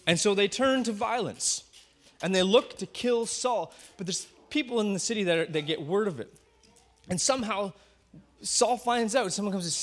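A male pastor telling a story in a sermon, animated and acting out the scenes, now and then getting the congregation to call out lines. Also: high-pitched, normal speed. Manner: animated, acts out the scenes in small voices.

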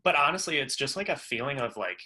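Bright-voiced man sharing on a video call. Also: medium pitch, expressive, quick pace, breathy edge. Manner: casual, hesitant, many "like" fillers. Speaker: workshop participant. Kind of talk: casual chat.

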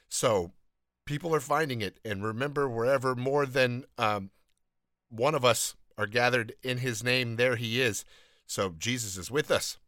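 A man's voice: mid-range voice, bright, forceful tone, dry recording, studio quality. A man hosting his own faith podcast, talking in an earnest, rambling, self-deprecating way. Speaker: podcast host. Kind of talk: casual faith podcast talk.

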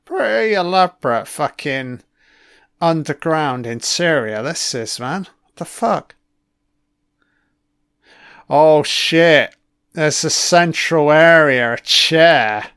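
A man's voice: a little high, expressive, slow, long pauses, a bit bright, smooth, no echo, clean studio sound. A man giving a casual first-watch film commentary, reacting with profane, sarcastic remarks.

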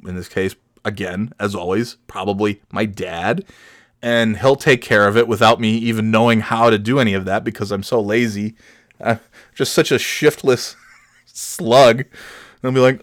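A middle-aged man hosts a podcast, rambling through a comic story in a self-mocking way that sometimes drops into mumbles. His mid-range voice has lively intonation and a normal speed, captured in a dry, clean studio recording.

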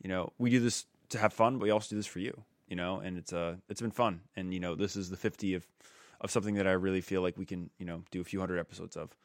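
A man hosting a casual film podcast, talking in a relaxed, rambling way. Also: sits low, fast, dry recording. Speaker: podcast host.

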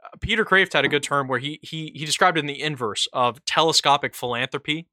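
A man co-hosting a casual political chat, talking in a halting way with many restarts and fillers. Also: on the high side, pushed and bright, no room sound, clean studio sound. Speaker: podcast co-host reading chat.

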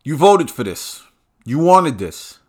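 A man's voice: a little high, big pitch swings, takes it slowly, slightly rough. A man delivering a heated, profane and repetitive ranting monologue.

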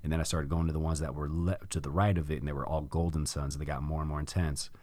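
Middle-aged guy with a super deep voice, animated storytelling, dry close sound. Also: fast talker, no echo. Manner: animated storytelling, acts out his own past reactions, swears freely. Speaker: podcast host. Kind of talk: casual conversation, telling a personal story.

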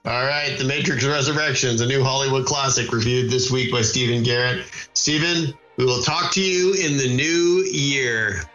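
A man's voice: mid-range voice, moderate pace, sharp tone, soft background music. A man hosting a talk show, chatting casually in a dry, wry way, recorded in an echoey lo-fi room. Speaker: radio show host.

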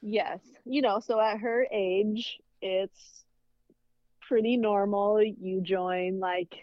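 A woman's voice: medium pitch, steady tone, slow pace, dry recording, muffled recording. A woman in her thirties, a soccer coach, speaking thoughtfully in a casual interview. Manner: thoughtful, conversational.

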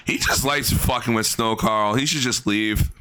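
Man, commentator, profane rant, bright tone, clear voice. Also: medium pitch, moderate pace. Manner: blunt, swearing, exasperated ranting. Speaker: commentator reacting to a livestream.

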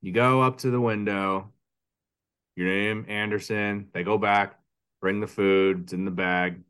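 Low-voiced dad telling stories. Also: male voice, unhurried, clear, resonant tone. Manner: animated storytelling, acts out kids and cashiers. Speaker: podcast co-host. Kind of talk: casual chat.

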